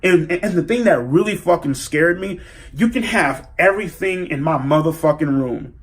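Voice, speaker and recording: A man telling a story in a casual vlog, profane and animated as he rants. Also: fairly high pitch, moderate pace. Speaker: vlogger.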